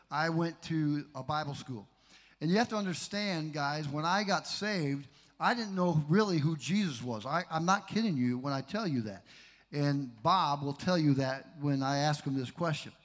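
A man speaking from a church stage with a slightly raised pitch. He tells his own story candidly and throws in emphatic bursts. The delivery is informal. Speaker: pastor. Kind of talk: sermon introduction.

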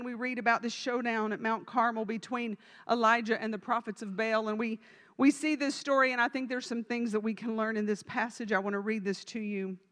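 A woman's voice: fairly high pitch, fairly bright tone, in a large hall. A woman evangelist preaching a sermon in a church, speaking emphatically and directly to the congregation. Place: church sanctuary.

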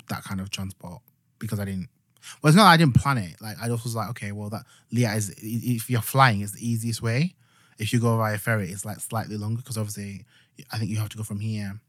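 A young Yorkshire man chats on a podcast, his voice sitting low and recorded dry and close. He rambles through stories with lots of "like" and false starts, getting animated as he retells them. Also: dry recording. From Yorkshire, England. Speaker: podcast co-host. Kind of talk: casual chat.

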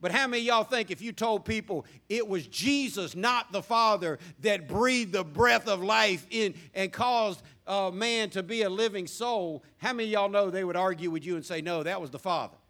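A man's voice: high voice, normal speed, hardly any pauses, sharp tone. A male pastor preaching a sermon in a church, asking the congregation questions and repeating words for emphasis. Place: church sanctuary.

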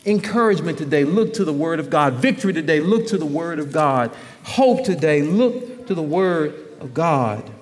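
A man preaching a sermon as pastor, emphatic and repetitive, his voice swelling at times to a shout. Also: fairly high pitch, animated, normal speed, long reverb tail.

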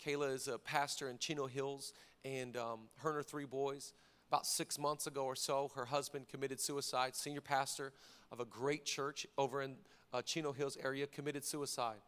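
A man preaching a sermon as pastor, moving from hushed, intimate stretches to loud emphatic lines and acting out quoted dialogue. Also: medium pitch, level tone, moderate pace, smooth. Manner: acts out dialogue in quoted voices.

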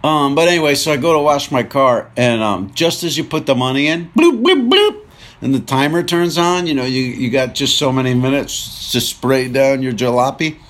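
A man's voice: medium pitch, normal speed, fairly bright tone. A man hosting a countdown show, talking casually from his car and joking as he thinks aloud. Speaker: show host. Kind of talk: casual rambling monologue.

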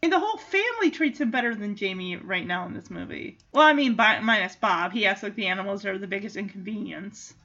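A woman chatting casually in an amused way as she recaps a movie and does quick character voices. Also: medium pitch, animated, sharp tone, dull audio.

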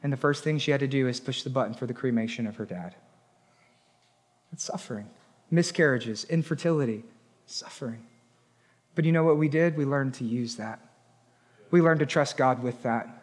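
A man in his thirties preaching a sermon as pastor, moving from quiet, low stretches up to shouted points. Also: moderate pace, long pauses. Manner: builds from quiet to shouted emphasis.

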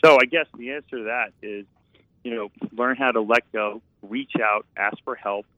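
A man's voice: mid-range voice, fairly even intonation, moderate pace, dry recording. A man, a painter and former architect, telling his story in an earnest, rambling way over a tinny, phone-like sound. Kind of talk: reflective storytelling.

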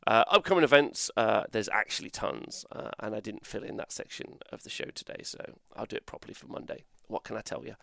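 A man's voice: fairly low pitch, very animated, fairly quick, creaky, hardly any pauses, fairly bright tone, dry recording, clean studio sound. A man hosting a casual rundown of tabletop game results, chatty and rambling with lots of fillers. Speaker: host.

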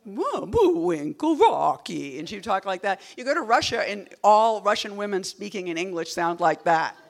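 A poet reading her work, she talks casually in the gaps between poems, wandering off-topic, interrupting herself, dry-humored, veering between loud and murmured. Her voice sits in the mid-range, and she talks fairly quickly.

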